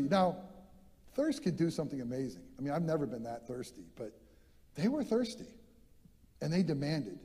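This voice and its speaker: A male pastor preaching an animated sermon in a church, repeating words as he gets fired up. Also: on the high side, normal speed, pauses often, husky, long reverb tail.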